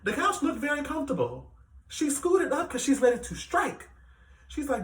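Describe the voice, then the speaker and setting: A man giving a casual, animated recap of a reality show, with plenty of fillers as he retells the scenes. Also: very high-pitched, moderate pace. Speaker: reality TV reviewer. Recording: echoey room, distant mic.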